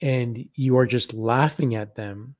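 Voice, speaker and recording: A man giving live spiritual readings on a stream, talking gently and haltingly and repeating words as messages come to him. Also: medium pitch, steady tone, no room sound, studio quality.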